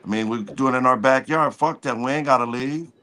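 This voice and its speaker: Bright-voiced man, blunt and emphatic. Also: mid-range voice, a little fast. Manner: blunt and emphatic, swears freely. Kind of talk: casual chat.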